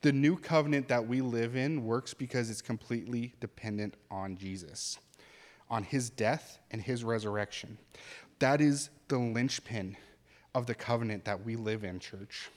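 A male pastor delivers a sermon in an earnest, conversational way, breaking into animated asides. His voice sits at an ordinary mid pitch. The sound carries a long reverb, as in a large hall. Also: moderate pace.

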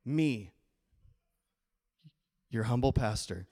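A middle-aged man preaching a sermon as pastor, playful and animated, acting out quoted voices. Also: medium pitch, very slow.

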